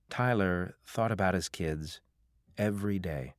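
A man reading a novel aloud as an audiobook narrator, in a measured, even way. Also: low-pitched, dry recording, clean studio sound. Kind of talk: scripted narration.

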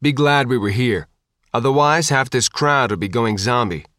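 A man's voice: mid-range voice, moderate pace, a bit bright, dry recording, clean studio sound, close to an everyday voice. A man narrating an audiobook, voicing a casual, shrugging male security contractor. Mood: offhand. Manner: casual, offhand.

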